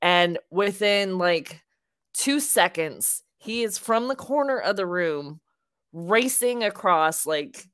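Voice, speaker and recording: A young adult woman co-hosting a podcast, telling a story in a casual, animated way and acting out the quotes. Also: medium pitch, slow, clean tone, no room sound, clean studio sound. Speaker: podcast co-host.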